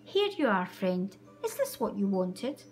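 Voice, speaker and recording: A woman's voice: mid-range voice, very animated, a little slow, darkish tone, soft background music, pitched below the performer's own voice. A woman voicing an embarrassed male crow who whispers sheepishly.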